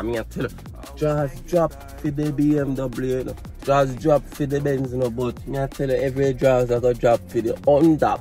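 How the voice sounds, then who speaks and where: A man's voice: mid-range voice, a little mellow. A man with a Jamaican accent doing a playful comedy vlog skit, repeating himself and asking listeners if they follow him. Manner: playful, repetitive, keeps asking "you see me?". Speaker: vlogger.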